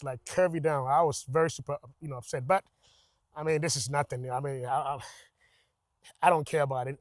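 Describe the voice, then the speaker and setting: Guy not in rambling about his truck mods outside, slightly high voice, dry sound. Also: dry recording. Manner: rambling, repeats words and restarts, excited about mods. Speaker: truck vlogger. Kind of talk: casual walkaround commentary. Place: outdoors beside a pickup truck.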